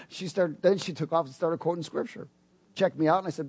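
Husky, high-voiced man preaching a sermon. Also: fast. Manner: animated preaching, rising to loud emphatic peaks; acts out quoted dialogue in other voices. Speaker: pastor.

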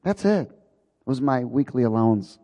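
A man's voice: medium pitch, lively intonation, normal speed, dark tone, big-room sound. A man preaching a sermon, telling a personal story in a folksy, chuckling way.

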